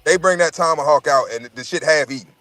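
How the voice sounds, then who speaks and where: A man's voice: a little high, fast, sharp tone, dry recording, soft background music. A man in casual chat, telling profane, rambling stories and repeating his words as he goes.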